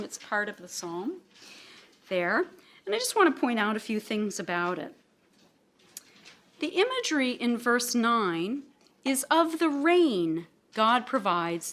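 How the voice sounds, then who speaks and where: A woman's voice: a little high, fairly bright tone. A woman professor giving an academic lecture and reading quotations aloud, lifting her voice for emphasis and letting phrase ends trail off. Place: library assembly room.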